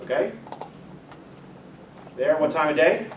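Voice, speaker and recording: A man's voice: fairly high pitch, expressive, takes it slowly. A man giving an informal astronomy lecture to a club, chatty, directing helpers through a demonstration and joking with the audience. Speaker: physics teacher giving a club talk. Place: meeting room with an audience. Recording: echoey room, mic far off, faint noise.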